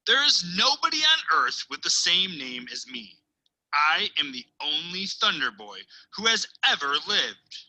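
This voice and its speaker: Female teacher, picture-book read-aloud, unhurried and expressive, hushed asides. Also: lowish voice, rough recording. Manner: expressive storytelling with dramatic pauses and hushed asides.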